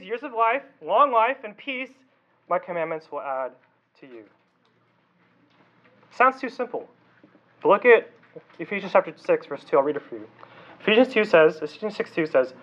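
High-voiced youth pastor, chatty sermon. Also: male voice, animated, moderate pace, long pauses, muffled recording. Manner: conversational, asks the audience questions.

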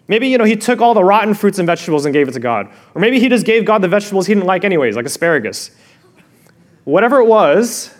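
A male pastor preaching a sermon, expressive, dropping to a hush and rising again, asking the listeners questions directly. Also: high voice. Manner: expressive, swings from loud to hushed.

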